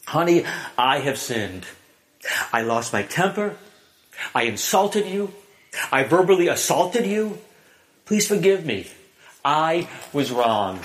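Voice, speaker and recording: A preacher acting out a ranting, flustered husband. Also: male voice, fairly high pitch, very animated, slow pace, pauses often. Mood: contrite. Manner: yelling, exasperated ranting. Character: flustered late husband, quick-tempered man.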